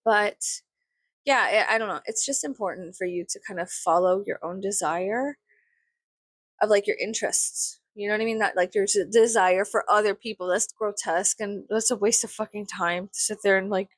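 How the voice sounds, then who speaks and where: A woman's voice: mid-range voice, normal speed, dry recording. Rambling, swearing young woman vlogger. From South Texas. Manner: rambling, swears freely, lots of fillers. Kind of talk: casual rambling chat.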